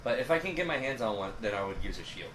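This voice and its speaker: A man's voice: mid-range voice, very animated, fast talker. A young man in casual podcast chat, hesitant and full of fillers. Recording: echoey room with background noise.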